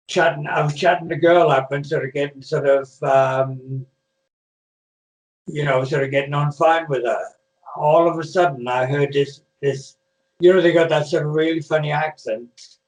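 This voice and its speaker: A man's voice: fairly high pitch, normal speed. Older guy rambling through a story on a video call, echoey room, sounds far from the mic. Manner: rambling, many restarts and fillers. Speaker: interview guest, retired wrestler. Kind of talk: casual storytelling interview.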